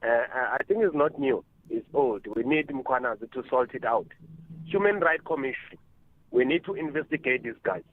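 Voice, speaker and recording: Indignant South African caller over a phone line. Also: male voice, mid-range voice, animated, normal speed, dry recording. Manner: indignant, emphatic complaint.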